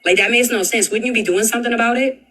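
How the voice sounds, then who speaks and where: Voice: medium pitch, very fast, pushed and bright, rough recording. A panel guest arguing bluntly in casual talk, firing off rhetorical questions and filling with "like". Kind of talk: casual heated argument.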